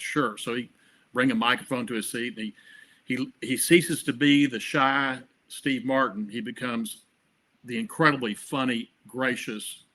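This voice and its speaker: A man's voice: medium pitch, pushed and bright. A man being interviewed as a guest, telling chatty, rambling anecdotes full of restarts. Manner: chatty, filler-heavy with repeated restarts. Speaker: guest, comedy award producer.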